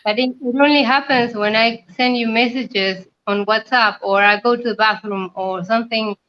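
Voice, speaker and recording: A woman taking part in an online class, speaking hesitantly and softly in casual chat. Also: a little high, steady tone, moderate pace, lo-fi sound. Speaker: class participant.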